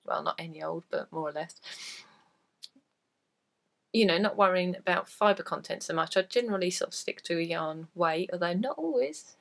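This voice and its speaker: Hosting her crafting podcast, a woman with a fairly low, expressive voice and noticeable vocal fry talks at normal speed. The chat is casual and meandering, full of self-deprecation, and a cough from a recent cold keeps hanging on.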